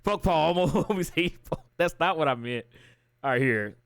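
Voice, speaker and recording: Male streamer, casual profane rant, fairly high voice, dry close mic. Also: moderate pace, smooth, no room sound. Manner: profane, ranting, animated storytelling. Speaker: livestreamer. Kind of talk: casual chat.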